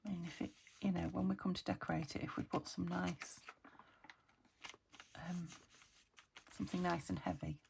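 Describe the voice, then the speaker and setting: Host: middle-aged woman from the UK, croaky, gravelly and a bit low, chatty and thinking aloud as she crafts, slipping into half-whispers, faint hiss behind. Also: fairly even intonation, moderate pace, long pauses, a little mellow. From United Kingdom. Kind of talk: casual crafting chat.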